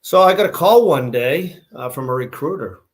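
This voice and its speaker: A man's voice: a little high, animated, normal speed. A middle-aged man with a Boston accent, a guest in a casual interview, telling stories in a rambling way with many restarts and fillers. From Massachusetts, USA. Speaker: guest, shoe company founder.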